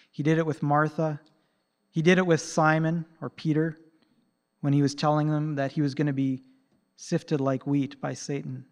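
A man preaching a sermon, swinging between loud emphasis and soft, hushed quotations. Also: on the high side.

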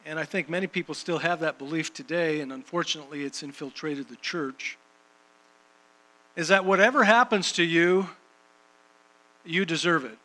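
Guy preaching, bright ringing voice a bit high, punchy repeated lines. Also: moderate pace, pauses often, poor audio. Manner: emphatic, repeats phrases for rhythm. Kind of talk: sermon.

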